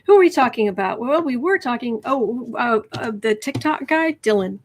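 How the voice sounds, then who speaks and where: Chatty woman reading tarot, rather high voice. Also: expressive, moderate pace, a little hiss or hum. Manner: chatty, rambling, drops to whispered asides. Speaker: tarot reader. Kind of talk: casual livestream tarot reading.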